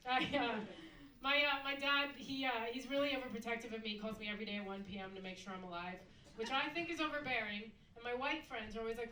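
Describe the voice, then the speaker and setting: A woman performing a stand-up comedy set on a club stage, mixing a deadpan delivery with sudden loud mock outbursts. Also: a little high, noisy background. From United States. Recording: echoey club recorded from a distance.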